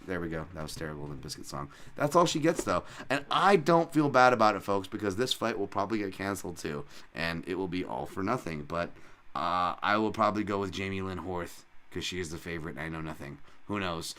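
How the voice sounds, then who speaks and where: Profane, rambling man with a low voice. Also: animated, quick pace, fairly bright tone, clear, resonant tone. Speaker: podcast host and fight analyst. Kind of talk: casual solo podcast talk.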